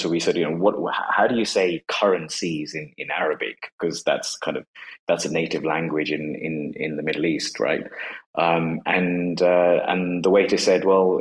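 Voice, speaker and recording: A man with a very low, deep voice talks casually as a guest about his work. He is in his forties and hesitant, his sentences full of fillers, restarts and repeated words. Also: poor audio. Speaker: guest, company co-founder. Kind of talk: casual conversation on a live audio space.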